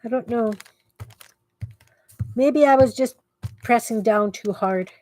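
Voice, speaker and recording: A woman's voice: a little high, slow pace, a little mellow. A middle-aged woman hosting a crafting livestream from her basement, chatting casually with viewers and muttering to herself as she works. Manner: chatty, self-talk while working, mutters to herself. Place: home basement craft room.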